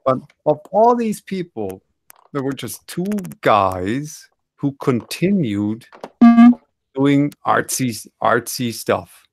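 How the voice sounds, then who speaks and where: A man's voice: mid-range voice, sing-song, slow pace, slight background noise. A man in casual online panel chat, rambling and correcting himself with wry asides.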